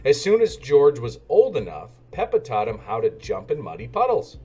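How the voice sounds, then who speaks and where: Male storybook narrator, lively and sing-song, faint music behind. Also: medium pitch, moderate pace, husky. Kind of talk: children's storybook read-aloud.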